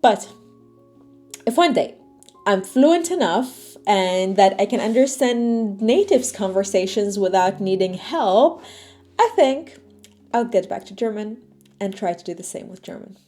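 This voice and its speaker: Mellow-voiced woman vlogger, light music behind. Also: medium pitch, measured pace. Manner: chatty, storytelling, lively. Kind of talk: casual talking-to-camera vlog.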